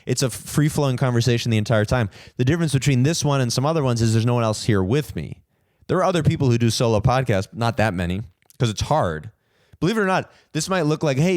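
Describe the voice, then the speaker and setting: A man's voice: mid-range voice, a little mellow, no echo, clean studio sound. Rambling young man hosting a solo podcast. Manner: rambling, self-deprecating, lots of fillers and restarts. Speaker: podcast host.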